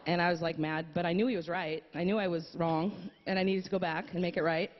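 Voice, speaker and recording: A woman speaking at a memorial, telling a story with pauses and fillers, then reading a poem aloud. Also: lowish voice, steady tone. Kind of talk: heartfelt eulogy and poem reading. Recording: dull audio with long hall reverb.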